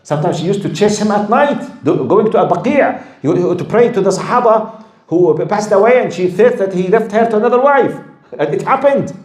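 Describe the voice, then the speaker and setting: A man giving a religious lecture, telling stories in a lively way and acting out the quoted lines. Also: high voice, brisk, reverberant. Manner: animated storytelling, acts out quoted lines, laughs with audience. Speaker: Islamic lecturer.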